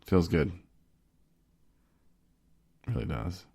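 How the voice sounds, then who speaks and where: A man hosting a podcast, telling a story in a rambling, animated way and laughing often. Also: deep voice, extremely slow, creaky, husky, no room sound, clean studio sound. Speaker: podcast host. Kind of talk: casual storytelling.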